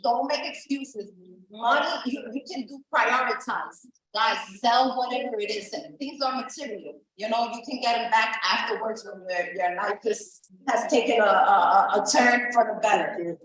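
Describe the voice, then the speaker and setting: A woman's voice: a little high, moderate pace, a bit bright. A woman making an urgent, pleading motivational appeal, stumbling over her words. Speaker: event promoter. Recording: echoey room, voice far from the mic.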